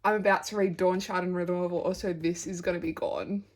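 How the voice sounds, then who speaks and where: A woman's voice: on the low side, steady tone, a little fast. A young woman chatting casually in a reading vlog at home by her bookshelves. She gushes about what she reads and often drops into a near whisper. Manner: gushing and chatty, drifts into whispers and laughter. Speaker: book vlogger.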